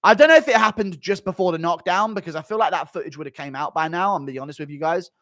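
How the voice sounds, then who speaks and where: A man hosting a casual live stream, loud and animated, swearing and laughing at his own jokes. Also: high-pitched, rapid-fire, dry recording, clean studio sound. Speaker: streamer host.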